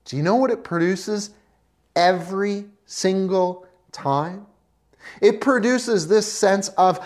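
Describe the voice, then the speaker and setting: Speaking slowly in a mid-range voice, a preacher delivers a fervent sermon, alternating whispered, personal moments with booming emphasis and greeting his audience as friends.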